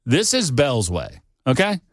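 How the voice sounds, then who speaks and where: A man's voice: mid-range voice, huge pitch swings, measured pace, dry recording, studio quality. A man on a talk radio show, chatting casually with the host in a teasing, conspiratorial way. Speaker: radio show regular, political commentator. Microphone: studio microphone.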